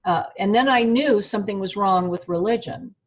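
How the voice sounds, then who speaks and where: An older woman, a guest in an interview, recounting personal experiences in an animated way and acting out the dialogue. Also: medium pitch, normal speed, husky. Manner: animated storyteller, acts out quoted dialogue.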